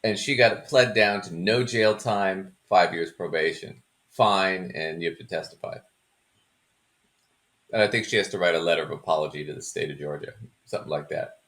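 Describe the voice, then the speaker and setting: Low-voiced, chatty male commentary host. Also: moderate pace, a bit bright. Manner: laughs often, chatty and mocking. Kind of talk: casual commentary chat.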